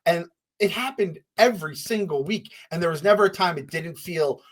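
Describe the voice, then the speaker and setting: A man's voice: fairly high pitch, moderate pace. A man co-hosting a podcast in casual chat, rambling with lots of fillers. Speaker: podcast co-host.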